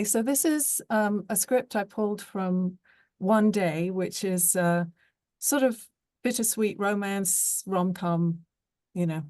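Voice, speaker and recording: Woman narrator, measured, slow, mellow tone, dry close sound, video call. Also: mid-range voice, dry recording. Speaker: audiobook narrator in training. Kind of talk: audiobook narration read live.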